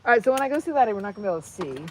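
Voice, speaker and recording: A woman's voice: medium pitch, sing-song, racing. A woman on a casual livestream, rambling and playful as she talks to her viewers on her phone. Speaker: vlogger. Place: outdoors at a horse barn. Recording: loud background noise outdoors.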